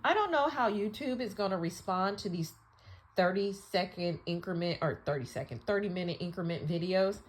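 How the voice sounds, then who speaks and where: A woman hosting her channel, delivering a blunt, profane, scolding rant that swings between loud outbursts and quiet asides. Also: fairly low pitch, animated, normal speed, a little hiss or hum. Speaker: channel host. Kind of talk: casual rant monologue.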